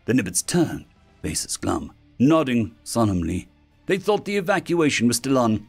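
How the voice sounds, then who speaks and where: A man narrating a science-fiction story in an expressive storytelling manner. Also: medium pitch, normal speed, gravelly, slightly rough, faint music behind. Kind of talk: scripted sci-fi story narration.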